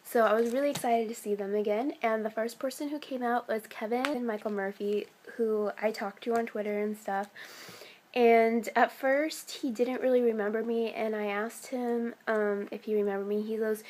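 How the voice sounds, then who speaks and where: An excitable teenage girl chatting to camera in a casual vlog, her voice a little high. She rambles eagerly, filling her sentences with "like" and "um". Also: moderate pace. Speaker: vlogger.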